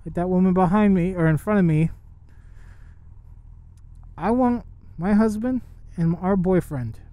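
High-voiced ranting motorcycle vlogger. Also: male voice, no room sound. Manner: profane, excitable, talks to the viewers. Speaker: motovlogger. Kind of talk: casual ranting commentary while riding. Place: on a motorcycle on a highway outdoors. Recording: loud wind and traffic noise from riding.

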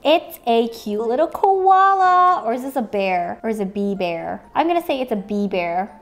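A woman's voice: a little high, animated, normal speed, hardly any pauses, lo-fi sound. A woman hosting a playful toy unboxing, cracking puns and making little sound effects and animal noises as she goes.

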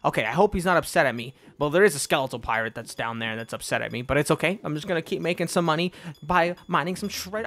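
Female gaming YouTuber, excitable and playful, voice swinging widely in pitch. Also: dry recording. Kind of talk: playing a game and commenting.

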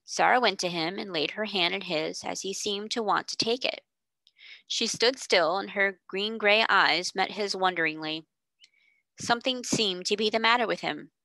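A woman tutor reading a classic novel aloud in clear, steady storybook narration. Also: mid-range voice, normal speed, no echo.

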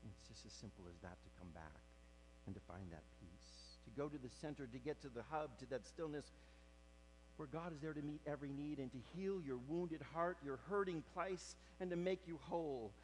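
A man preaching a sermon as pastor, swinging from hushed near-whispers to loud, emphatic preaching. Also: mid-range voice, normal speed, a little hiss or hum, poor audio.

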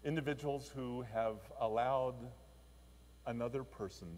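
A male pastor giving a sermon, telling a story in an expressive, animated way. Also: medium pitch, a little slow, a little hiss or hum. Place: church. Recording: long church reverb.

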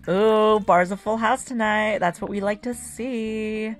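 A woman's voice: medium pitch, steady tone, takes it slowly. A woman hosting a video game channel, giving chatty, casual let's-play commentary and giggling often. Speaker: gaming channel host. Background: faint game music.

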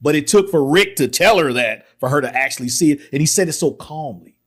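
A man hosting a podcast, excitedly retelling a film's scenes in casual talk, acting out the lines. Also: on the high side, brisk, husky. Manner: excited retelling with acted quotes, laughs often. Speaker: podcast host. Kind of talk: casual film discussion.

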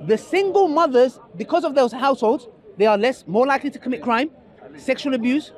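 A young man preaching and debating outdoors in a public park, lively and full of rhetorical questions to his listener. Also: very high-pitched, brisk. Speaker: street preacher. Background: crowd.

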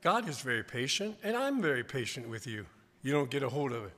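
A man preaching a revival sermon in a church, swinging from quiet asides to loud, emphatic declarations. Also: mid-range voice, very animated, brisk. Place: church sanctuary. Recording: long church hall reverb.

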